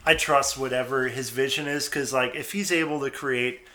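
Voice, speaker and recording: A man co-hosting a film podcast, talking in a relaxed, agreeable way that often trails off. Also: medium pitch, moderate pace, slight background noise. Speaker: podcast co-host, film reviewer. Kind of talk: casual chat.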